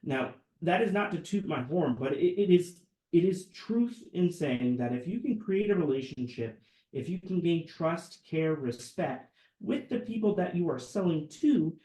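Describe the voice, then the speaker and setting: A man's voice: on the high side, expressive, normal speed, mellow, reverberant, low-quality recording. A man co-hosting a sales webinar from an office room, earnest and enthusiastic as he tells stories about customers. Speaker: sales lead and webinar co-host. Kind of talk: casual webinar chat.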